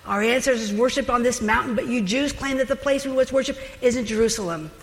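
A woman voicing an eager, questioning village woman at a well. She speaks in a quick, earnest, pleading way. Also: fairly high pitch, natural voice. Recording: long hall reverb.

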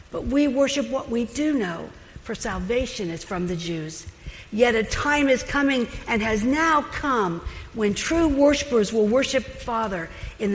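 A woman voicing a calm, solemn male teacher. She reads his words quietly and slowly, like scripture. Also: on the high side. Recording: long hall reverb.

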